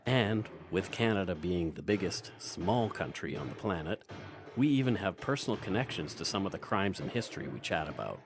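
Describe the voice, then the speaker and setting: A man reads a podcast promo in a very low voice with a punchy, wry delivery. His pitch moves a lot, and faint music plays under him. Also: very animated, moderate pace. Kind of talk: scripted promo read.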